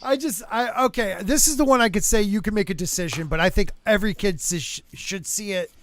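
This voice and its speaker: A man hosting a podcast, chatting casually and joking around in an animated way. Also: high voice, brisk. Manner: animated, joking, drifts into silly voices. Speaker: podcast host. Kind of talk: casual panel chat.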